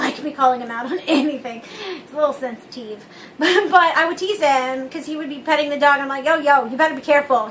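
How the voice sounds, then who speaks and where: A woman's voice: sits high, slight background noise. A young woman hosting a vlog, chatting casually and telling stories with lots of giggling. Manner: giggly, animated storytelling. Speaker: vlog host. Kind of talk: casual chat.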